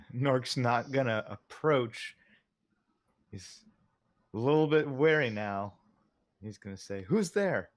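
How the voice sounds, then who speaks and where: A man's voice: mid-range voice, slow pace, long pauses. A man playing in a tabletop game, thinking aloud and chuckling often. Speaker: player.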